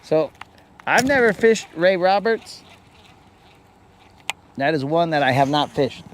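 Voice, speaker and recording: A man's voice: a little high, expressive, slow, slight background noise. A middle-aged man hosting a fishing livestream from a boat on a lake, chatting and joking with viewers in a rambling way. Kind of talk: casual live-stream chat.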